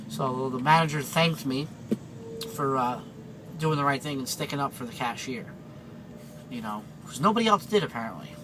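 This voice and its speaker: Bright-voiced chatty trucker. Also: male voice, on the high side, expressive, a little fast, a little hiss or hum, rough recording. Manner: rambling, chatty, with many fillers and restarts. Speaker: truck driver. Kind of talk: casual storytelling vlog.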